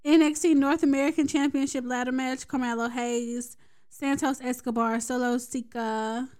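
A woman's voice: high voice, steady tone, moderate pace, darkish tone. A woman co-hosting a podcast in casual chat, reading out the match card and teasing her co-host.

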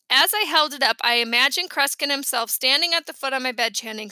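A woman narrating a first-person children's audiobook in a lively, expressive storytelling manner, recorded close on the mic. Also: high-pitched, brisk, hardly any pauses, no room sound.

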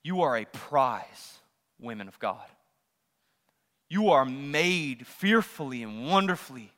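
A man preaching a sermon as pastor, swinging between loud rising questions and hushed asides. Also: mid-range voice, lively intonation, slow, big-room sound. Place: church sanctuary.

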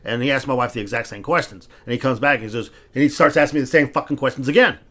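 A man's voice: mid-range voice, racing, fairly bright tone. A man hosting a casual podcast, telling stories in a heated, profane way and restarting his words when he gets worked up. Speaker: podcast host.

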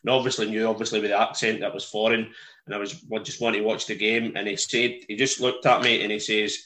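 A man's voice: on the low side, little pitch movement, fast, sharp tone. A man in casual podcast chat, rambling through a travel story with many ums. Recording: roomy echo.

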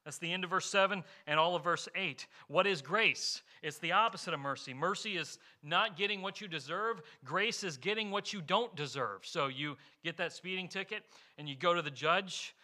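A man's voice: sits high, normal speed, hardly any pauses, bright, forceful tone. A man pastor preaching a sermon in an earnest way, asking rhetorical questions and explaining with homely examples.

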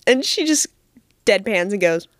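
A woman's voice: mid-range voice, animated, unhurried, dry recording. Young woman, podcast host, casual storytelling, self-deprecating, giggly, dry recording. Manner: chatty, self-deprecating, laughs often.

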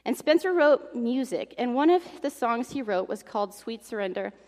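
Young woman preacher, earnest, somewhat high voice, long hall reverb. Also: expressive, moderate pace, darkish tone. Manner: earnest, emotional, reads aloud from an article. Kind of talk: sermon.

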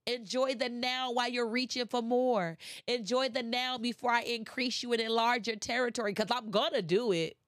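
A woman voicing God, gently coaxing. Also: a little high, fairly even intonation, normal speed, few pauses, dry recording, studio quality, lightly acted. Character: God, a gentle encouraging male voice.

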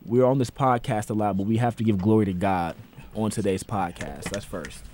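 A man with a fairly low voice hosting a laid-back podcast. He talks earnestly and circles back over his words as he works out what to say. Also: moderate pace, dark tone, a little hiss or hum. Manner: earnest, repeats himself while gathering thoughts. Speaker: podcast host. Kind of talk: casual podcast chat.

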